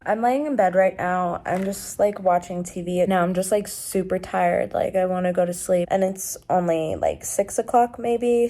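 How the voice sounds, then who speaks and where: Chatty woman vlogging, lowish voice. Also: animated, normal speed, hardly any pauses, warm tone, poor audio. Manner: chatty, frequent "like" fillers. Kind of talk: casual daily vlog chat. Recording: noticeable background noise.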